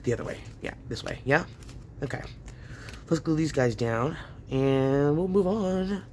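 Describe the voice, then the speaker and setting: A man's voice: fairly high pitch, expressive, unhurried, slight background noise. A man hosting a casual crafting tutorial at home, chatting to viewers and laughing often as he works. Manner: chatty, laughs often, talks to himself while working. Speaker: craft channel host.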